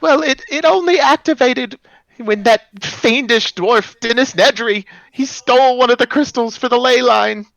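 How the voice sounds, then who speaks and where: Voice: mid-range voice, moderate pace, creaky, a bit bright, dry recording, pitched above the performer's own voice, rough recording. A game master voicing a cheery male elemental made of stones who works as a tour guide, gushing and eager to please. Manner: gushing, eager to please, repeats his welcome.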